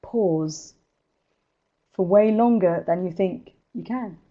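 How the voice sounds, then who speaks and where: An energetic woman speaker, giving presentation tips in a live webinar and laughing often. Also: mid-range voice, moderate pace, highs cut off.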